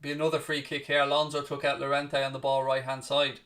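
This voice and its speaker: Speaking in a monotone, a man with a medium-pitched, fairly bright voice hosts a live football watchalong from a distance from the mic. He rapidly calls out each pass, swears freely, and snaps back bluntly at his chat.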